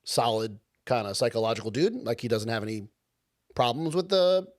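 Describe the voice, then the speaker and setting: A man's voice: medium pitch, moderate pace. A man co-hosting a podcast, chatting casually about a movie, rambling with lots of "like". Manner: animated, rambling, uses filler "like" often. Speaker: podcast co-host. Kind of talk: casual movie review chat.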